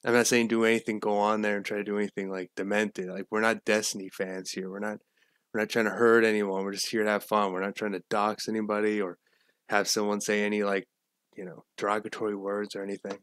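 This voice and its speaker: A man's voice: lowish voice, level tone, fast talker, a bit bright, clear, resonant tone, no echo. A man hosting a casual livestream, rambling with repeats and restarts and greeting viewers from the chat. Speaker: livestream host.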